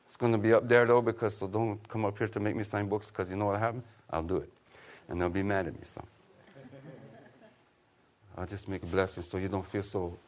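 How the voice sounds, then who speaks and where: A man giving an informal public talk to an audience, an animated storyteller who jokes and urges his listeners with a preacher's insistence. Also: on the low side. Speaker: author and teacher giving a talk.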